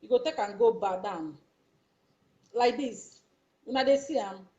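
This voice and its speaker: A Nigerian woman with a fairly high yet mellow voice walks her viewers through a demonstration, repeating herself and coaxing them along. The recording sounds dull and lo-fi. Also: measured pace. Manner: repetitive, coaxing, keeps checking the viewer follows. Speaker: YouTuber. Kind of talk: casual instructional demonstration.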